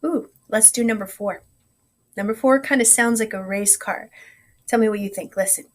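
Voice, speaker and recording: A woman music teacher leading vocal warm-ups with gentle, encouraging coaching and a slightly scratchy voice. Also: medium pitch, moderate pace.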